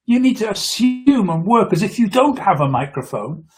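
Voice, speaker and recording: A fairly high-voiced man gives public speaking tips in a live online video. He talks earnestly and often restarts or repeats words as he goes. The voice sits close to the mic at his desk. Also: big pitch swings, moderate pace. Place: indoors, in front of a camera for a live video. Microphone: close microphone at a computer.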